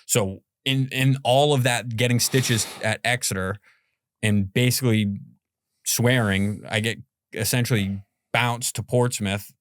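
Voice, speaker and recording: A man's voice: mid-range voice, steady tone, measured pace, no echo. A man in his forties from Boston, a podcast guest telling a story in a rambling, casual way, full of "like" and "you know" and the odd swear word. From Boston, USA.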